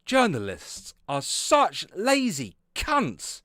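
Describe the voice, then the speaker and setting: A man's voice: medium pitch, sing-song, normal speed, fairly bright tone, no echo, studio quality. Sarcastic, foul-mouthed male streamer. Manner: sarcastic, swears constantly, often laughs and trails off. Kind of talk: profane live-stream commentary.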